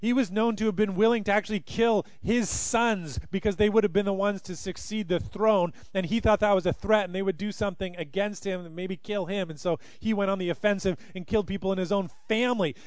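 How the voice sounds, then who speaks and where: High-voiced man preaching with animated storytelling. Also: a little fast, hardly any pauses, dry recording. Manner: animated storytelling, acting out quoted speakers. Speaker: pastor. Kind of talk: sermon.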